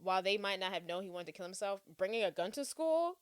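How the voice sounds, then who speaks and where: Woman co-host, casual movie chat, animated and laughing, dry close sound. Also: medium pitch, quick pace, smooth, no room sound. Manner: animated, laughs often, breaks into sung lines. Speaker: podcast co-host.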